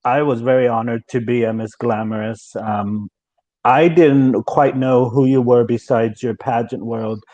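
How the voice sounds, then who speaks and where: A man's voice: medium pitch, fairly even intonation, a little slow, mellow, lo-fi sound. A man hosting a live online talk show, reading out viewers' questions and praising his guest at length. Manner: reads chat questions, effusive with praise. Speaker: host.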